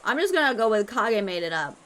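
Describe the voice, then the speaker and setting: A woman's voice: medium pitch, sing-song, brisk, a bit bright. A young woman streamer chatting casually, playful and crude, swearing a lot. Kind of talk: casual live-stream chat.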